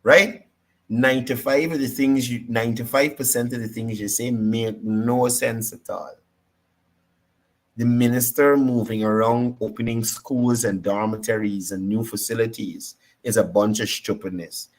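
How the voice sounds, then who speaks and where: A man's voice: mid-range voice, steady tone, moderate pace. A man with a Guyanese accent hosting a political talk show, combative and repeating his points for emphasis. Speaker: political commentary host.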